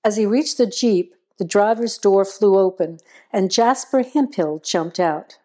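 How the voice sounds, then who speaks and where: Mellow-voiced woman narrating a horror story. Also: medium pitch, measured pace.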